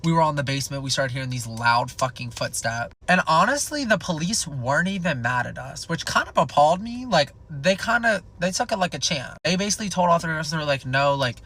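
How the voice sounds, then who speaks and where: A young man tells a comedic storytime in a casual, rambling, animated way, swearing and packing in "like" constantly. His voice is a little high with a gravelly fry, and he talks a little fast with few pauses.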